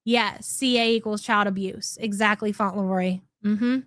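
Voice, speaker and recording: A woman's voice: mid-range voice, steady tone, normal speed, fairly bright tone, no echo, studio quality. A woman hosting a livestream, reacting to clips with blunt, profane commentary and reading out super chats. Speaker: commentary channel host.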